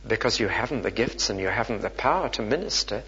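A man's voice: fairly low pitch, expressive, fast, bright, forceful tone, slight background noise. A man preaching a sermon, earnest and rhetorical, his voice rising for emphasis. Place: church. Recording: dull recording in a reverberant church.

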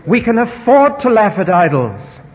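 A man preaching a sermon, emphatic and wry, dropping quiet then rising loud, in a dull, echoey hall recording. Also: high-pitched, sing-song, normal speed, husky.

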